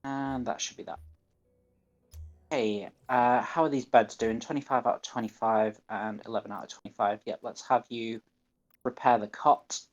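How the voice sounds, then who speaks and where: A man's voice: medium pitch, fairly even intonation, moderate pace, muffled recording, faint music behind. A man with a Northern English accent giving live gameplay commentary, muttering to himself and reading game menu options aloud. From northern England. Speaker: gaming streamer.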